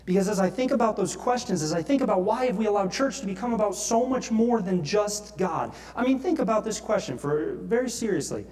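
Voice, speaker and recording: A man's voice: sits high, animated, brisk, hardly any pauses, a little mellow. A pastor preaching a sermon, reading scripture aloud and growing impassioned as he confesses his own failings. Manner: earnest, grows impassioned, reads scripture aloud.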